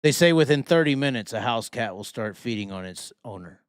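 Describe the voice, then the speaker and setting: A man's voice: medium pitch, lively intonation, a little fast, no echo, studio quality. Heated, foul-mouthed man ranting. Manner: heated, swearing, rhetorical questions. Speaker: host. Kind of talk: profane live-stream rant.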